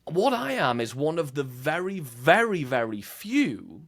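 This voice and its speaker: A man who is a podcast guest explaining marketing in a conversational interview, animated and using examples with shifting emphasis. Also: a little high, a little slow, vocal fry.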